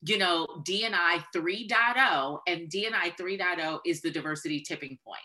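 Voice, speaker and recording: A woman speaking as a guest expert in an interview, emphatic and building to forceful points. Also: on the low side, moderate pace. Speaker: guest expert on corporate diversity. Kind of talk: conversational interview talk.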